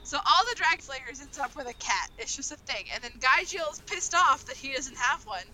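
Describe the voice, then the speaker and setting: A young woman hosting a casual group chat over an online call. She talks in an excitable, rambling way and laughs often. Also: high-pitched, moderate pace, slight background noise, rough recording.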